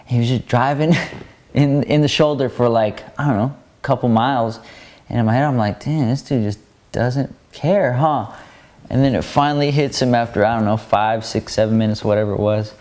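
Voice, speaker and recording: A pro skateboarder giving relaxed commentary over his video footage, rambling into stories with plenty of fillers. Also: mid-range voice, brisk.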